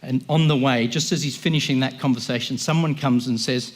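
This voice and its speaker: A man's voice: medium pitch, brisk, hardly any pauses. A man giving an impassioned, emphatic sermon as a guest speaker, often voicing the people he quotes.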